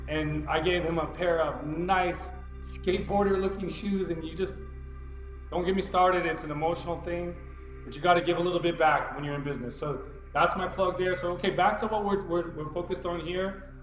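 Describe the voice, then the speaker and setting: Man with a slightly high voice, talkative and wandering off topic; roomy, slightly muffled recording with music underneath. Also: steady tone, moderate pace, a bit bright. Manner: chatty, digressive, loose and unpolished. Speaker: real estate group admin making a tutorial. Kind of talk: casual rambling screen-recording vlog. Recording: roomy, slightly dull sound with music behind.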